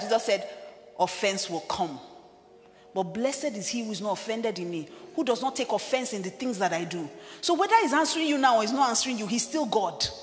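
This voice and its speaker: A middle-aged woman preaching a sermon as a pastor, emphatic and shouting at her peaks. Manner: emphatic, rising to shouts and dropping low for quoted voices. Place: church hall. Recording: reverberant church hall with music.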